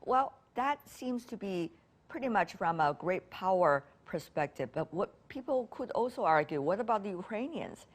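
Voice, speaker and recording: A woman's voice: mid-range voice, big pitch swings, moderate pace. A woman interviewing a guest, asking long questions carefully, sometimes hesitating.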